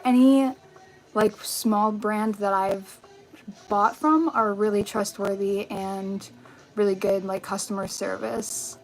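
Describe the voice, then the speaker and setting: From a bedroom furnished with a vanity, a young woman who makes vintage fashion videos on YouTube chats through a live-stream Q&A. Her medium-pitched voice is upbeat and casual, filled with likes and ums, as she holds her phone out at arm's length. The audio is poor, with faint music in the background.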